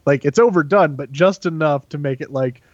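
Rambling man, slightly high voice. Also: normal speed, no echo, dull audio. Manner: rambling, heavy "like" filler, laughs often. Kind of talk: casual chat.

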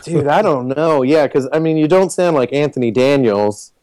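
A man's voice: a little high, moderate pace, a little mellow, no room sound. A man co-hosting a podcast in casual chat, playful and joking, laughing a lot. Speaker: podcast co-host.

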